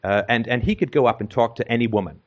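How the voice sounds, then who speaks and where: A man's voice: mid-range voice, fast. A middle-aged man from Canada telling a long casual anecdote, rambling with many fillers and restarts. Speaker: storyteller in conversation.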